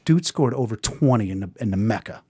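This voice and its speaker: A man's voice: on the low side, expressive, fairly quick, slightly rough, no room sound, clean studio sound. Rowdy joking guy hosting a live show, voice jumps all over the place. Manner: joking, rowdy banter with loud laughs. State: out of breath. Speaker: host. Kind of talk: live show casual chat.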